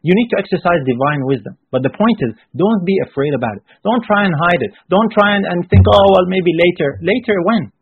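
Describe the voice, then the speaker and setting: A man preaching a sermon emphatically, repeating phrases and rising into forceful bursts. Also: high-pitched, very animated, a little fast, hardly any pauses, no room sound. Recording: husky voice on a tinny phone-like line.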